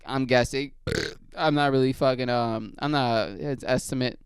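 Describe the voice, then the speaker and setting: A man rambling through a story full of swearing, in a low-key, casual way. His voice is very clear and smooth, with a mid-range pitch. The sound is dry and close. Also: a little slow, no echo. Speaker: podcast host.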